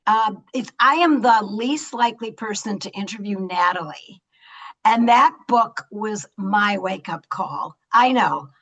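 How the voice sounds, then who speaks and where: An older woman moderating a virtual fireside chat over a video call, talking in an animated, effusive way. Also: mid-range voice, measured pace, low-quality recording. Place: Los Angeles.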